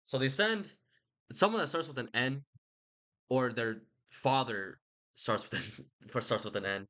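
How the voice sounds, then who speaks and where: A man's voice: medium pitch, a little slow, sharp tone. A young man rambling casually about a book he read, slangy and profane. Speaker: host.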